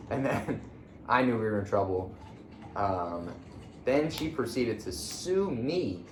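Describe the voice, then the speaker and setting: A man's voice: on the low side, lively intonation, slow pace, slight background noise. Laid-back young man telling a story in a roomy room. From Philadelphia area. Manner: laid-back storyteller, with frequent fillers and restarts. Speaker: podcast host. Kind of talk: casual storytelling chat.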